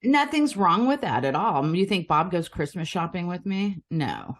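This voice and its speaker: A woman's voice: on the low side, sing-song, moderate pace. An American woman with a Philadelphia accent, chatting as an interview guest and rambling easily. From United States. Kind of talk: casual interview chat.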